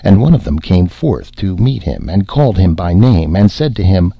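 Man reading a fairy tale aloud, deep husky voice, lively storytelling, slightly dull recording. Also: dry recording. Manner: measured expressive storytelling. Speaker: narrator.

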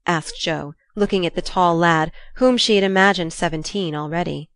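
A woman reading a classic novel aloud as narrator, expressive and lively in the dialogue. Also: fairly low pitch, normal speed, dry recording, studio quality. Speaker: audiobook narrator. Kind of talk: scripted narration with character voices.

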